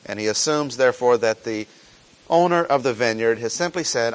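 A man teaching a sermon, reading scripture verses and explaining them in a slow, deliberate way, repeating key phrases for emphasis. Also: mid-range voice, expressive. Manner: reads scripture aloud, then explains it plainly. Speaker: preacher.

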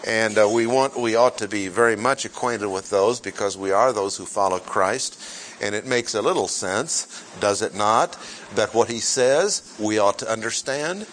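A man teaching scripture in a sermon, speaking deliberately, repeating key phrases and putting rhetorical questions to his listeners. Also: fairly low pitch, a bit bright, slight background noise. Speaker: pastor teaching a Bible class. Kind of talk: sermon-style Bible teaching.

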